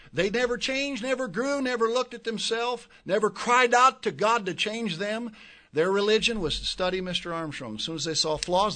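An older man preaching a sermon to his congregation, moving between quiet, reflective asides and loud, emphatic outbursts, often repeating words as he builds a point. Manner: impassioned, swings from low asides to loud emphatic peaks. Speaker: pastor.

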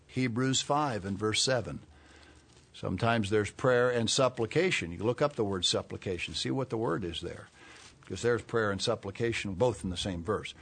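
A man's voice: on the low side, moderate pace, a bit bright, slightly rough. A man preaching a Bible-teaching sermon, who reads verses aloud with rising force and explains words plainly between them.

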